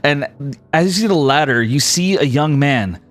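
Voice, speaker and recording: A young man narrating a tabletop game as game master, telling the story in an animated way and chuckling now and then. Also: a little high, moderate pace.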